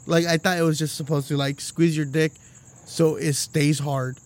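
High-voiced man telling a profane story. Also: moderate pace. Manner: profane, animated storytelling with lots of laughing. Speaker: podcast co-host. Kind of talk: casual chat.

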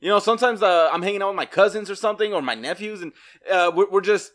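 Young adult podcast co-host, mid pitch, rapid casual rambling. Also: fairly bright tone. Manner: rapid, rambling storytelling with filler words. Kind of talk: casual chat.

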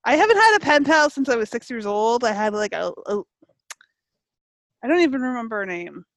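A woman's voice: fairly high pitch, animated, brisk, fairly bright tone, dry recording. A woman chatting casually on a podcast, giggly and full of "like". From Canada. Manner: chatty, giggly, lots of "like" and laughs. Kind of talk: casual chat.

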